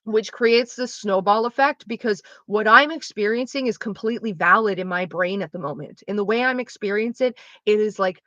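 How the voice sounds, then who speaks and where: Bright, frank young woman streamer. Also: medium pitch, moderate pace, few pauses, no echo. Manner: frank, explanatory, swears freely, acts out quoted reactions. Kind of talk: casual chat while streaming a game. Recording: dull lo-fi dry sound.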